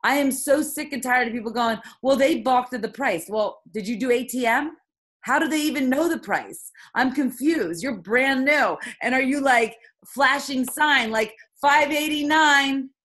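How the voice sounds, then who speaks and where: A woman leading a motivational team call, talking in an emphatic, heated way with quick rhetorical questions. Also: high-pitched, fairly bright tone. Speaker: team leader coaching her sales team.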